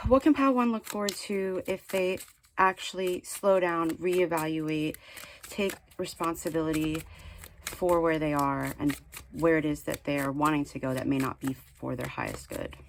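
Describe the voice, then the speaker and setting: A woman's voice: low-pitched, a little hiss or hum. Chatty woman giving a rambling tarot reading. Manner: chatty, rambling, many "like" fillers and restarts; earnest, mildly scolding encouragement. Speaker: tarot card reader. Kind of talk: casual spiritual tarot reading.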